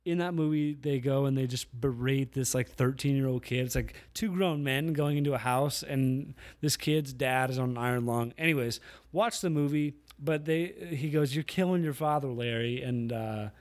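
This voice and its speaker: A man with a mid-range voice and a moderate pace hosts his own casual solo podcast. He rambles through stories and often corrects himself along the way.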